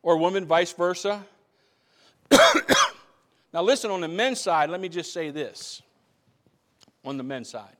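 Male pastor preaching, kinda high voice, asks the room stuff a lot, long echo from the church hall. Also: unhurried, long pauses. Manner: conversational, repeats and restarts phrases, asks the room questions. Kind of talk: sermon. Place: church sanctuary.

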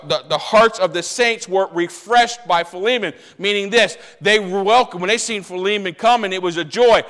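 A man's voice: sits high, a bit bright, big-room sound. An older man preaching a sermon as pastor, emphatic and conversational, repeating his points with frequent restarts.

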